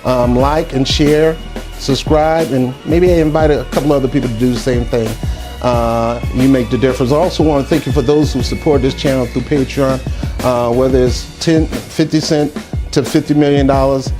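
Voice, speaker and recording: A man's voice: medium pitch, steady tone, normal speed, music in the background. A man hosting an opinion vlog who talks in a preachy, fired-up way and quotes scripture. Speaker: vlog host.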